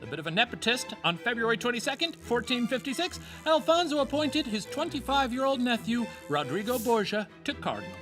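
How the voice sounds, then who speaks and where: A man's voice: very high voice, sing-song, a little fast, few pauses. A man voicing a quirky, theatrical puppet professor who hosts a comedic history game show with exaggerated delivery, music playing underneath. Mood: storytelling.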